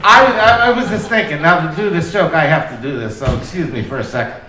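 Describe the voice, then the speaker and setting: Onstage at a comedy club, a stand-up comedian with a high voice runs through his set, expressive and fairly quick, his tone pushed and bright. He's loose, profane and self-deprecating, while crowd laughter rings through the echoey room.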